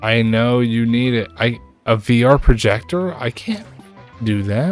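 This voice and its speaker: A man streamer doing gameplay commentary, grumbling and frequently jumping into high-pitched, exasperated outbursts at the game. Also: unhurried, soft background music.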